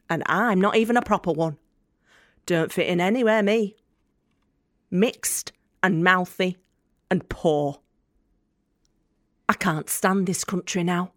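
A woman's voice: medium pitch, dry recording, studio quality, natural voice. An actress with a Northern English accent plays a young, angry, working-class woman student in a radio drama monologue, speaking in a sardonic, blunt and profane way. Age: young adult.

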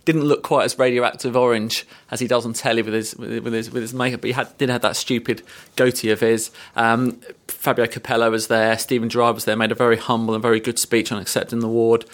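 A man's voice: mid-range voice, level tone, fast, hardly any pauses. A man, a football journalist, chatting on a podcast, telling anecdotes and teasing his co-host. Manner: anecdotal, teasing, laughs often. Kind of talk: casual football podcast chat.

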